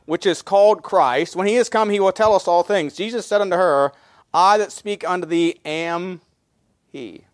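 High-voiced man preaching a sermon. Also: no room sound, clean studio sound. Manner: reads scripture in old English then explains it in plain talk; frequent fillers and repeated words between verse references. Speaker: pastor.

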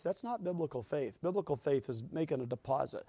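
A man preaches a sermon in a fairly high voice, acting out small scenes and swelling to emphatic peaks. The sound is dry and close, with no room around it. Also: animated, fairly quick, warm tone, dry recording. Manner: storytelling with acted-out voices, rising to emphatic peaks. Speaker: pastor.

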